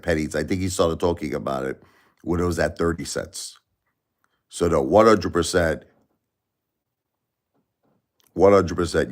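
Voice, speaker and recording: Male live streamer, very low voice, rambling casual chatter at home. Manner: rambling, repeats himself, talks to chat by name. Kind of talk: casual late-night live stream chat. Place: home at night, family asleep.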